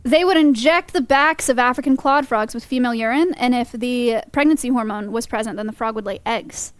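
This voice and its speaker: A woman's voice: fairly high pitch, fairly quick, clean tone, no echo. A woman acting as an animal educator, explaining frog facts in a patient, informative way with dry humor. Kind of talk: casual explanatory chat.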